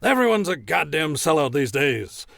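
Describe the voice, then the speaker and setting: A gravelly, rough-edged arena announcer, as a man plays him with a voice pitched a little high. He swings through a lively, up-and-down delivery full of profane bluster, and the recording is close and dry in a comedy skit. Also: normal speed, no echo, exaggerated voice. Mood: ranting. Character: crude hard-drinking male arena announcer, middle-aged.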